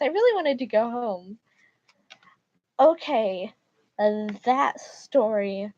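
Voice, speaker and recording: A woman's voice: on the high side, lively intonation, slow pace, pauses often, a little mellow, no echo. A woman streamer reading stories aloud and reacting casually, with emphatic remarks. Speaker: livestreamer. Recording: dull lo-fi mic.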